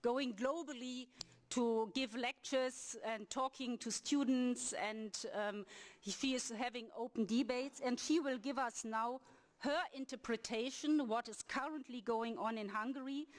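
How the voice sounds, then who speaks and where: A woman's voice: on the high side, fairly even intonation, measured pace. A woman chairing a hearing, giving an earnest, emphatic formal address and introducing the next speaker.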